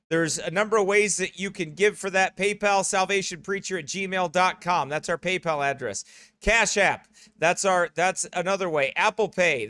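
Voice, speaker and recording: A man's voice: high-pitched, fairly bright tone, dry recording, studio quality. A middle-aged American man, a pastor, making rambling church announcements with joking asides. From United States. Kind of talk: church announcements before a sermon.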